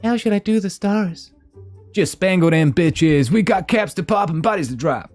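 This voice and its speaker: A man's voice: high voice, expressive, normal speed, darkish tone, faint music behind, voice pushed up. A Scottish man putting on a goofy, exaggerated American accent to read out a joke. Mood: mocking. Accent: put-on American. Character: brash American man reading a meme.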